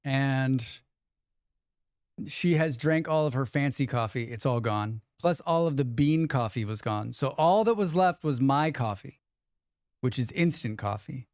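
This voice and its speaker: A young man rambles through a relaxed live-stream chat and reads viewers' messages back to them. His voice is smooth and clear, recorded dry and close with hardly any room sound. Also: mid-range voice, slow pace, long pauses, no room sound. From United States.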